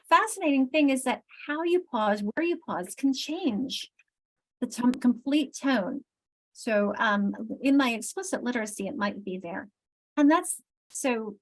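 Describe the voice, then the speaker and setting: A woman leading a literacy training session over a video call, thinking aloud and restarting sentences as she explains and searches for material. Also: a little high.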